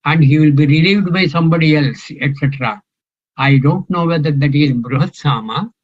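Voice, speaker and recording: A man's voice: fairly high pitch, moderate pace, muffled recording. An older man teaching a scripture class, talking in a musing way and quizzing his students. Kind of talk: scripture class, question and answer.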